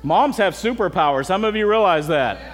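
A man's voice: sits high, animated, fairly quick, long reverb tail, faint music behind. A middle-aged man preaching a sermon as pastor, earnest and direct, often asking his congregation questions.

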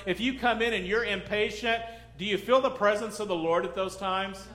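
A middle-aged pastor preaching a sermon in a loose, conversational way, joking, acting out little scenes and asking the congregation questions. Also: male voice, high-pitched, a little fast, hardly any pauses, bright, forceful tone. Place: church sanctuary. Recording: echoey church hall.

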